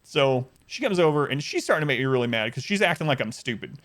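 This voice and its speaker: A man telling an exasperated story on his live stream, animated and acting out the people he quotes. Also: medium pitch, quick pace. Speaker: livestreamer.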